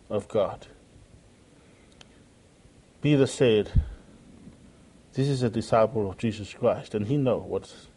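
A man's voice: on the low side, mellow, breathy edge. A man preaching a sermon in an earnest way, often repeating phrases and quoting scripture.

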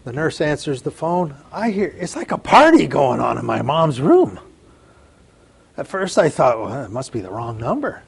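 A middle-aged man preaching a sermon, telling a personal story in an earnest way, repeating words and swinging between soft and loud. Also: fairly high pitch, big pitch swings, normal speed, creaky, slightly rough.

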